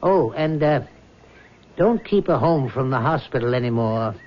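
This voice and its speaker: An actor playing a measured, dismissive middle-aged doctor in a 1970s radio drama. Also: male voice, mid-range voice, lively intonation, lightly acted. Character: calm, clinical, dismissive male doctor. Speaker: hospital doctor. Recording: dull lo-fi old radio recording with faint hiss.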